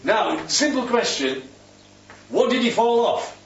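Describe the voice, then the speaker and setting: Lively man leading Bible study. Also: very high voice, takes it slowly, gravelly, a crowd in the background. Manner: animated, quizzing the group with questions. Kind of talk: teaching a group discussion. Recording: roomy, distant, dull sound.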